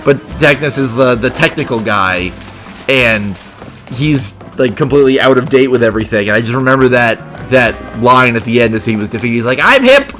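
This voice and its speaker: A man talking casually while playing a video game, chatty and excitable. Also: mid-range voice, moderate pace, faint music behind. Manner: chatty, excitable, reads game dialogue aloud. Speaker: gaming video host. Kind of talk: casual let's play commentary.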